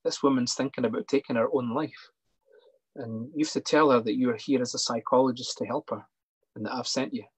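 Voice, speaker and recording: A man and psychologist telling a personal testimony earnestly, pausing and restarting often. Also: mid-range voice, steady tone, breathy edge, no echo, poor audio. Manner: earnest, halting with many fillers and restarts. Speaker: sports psychologist.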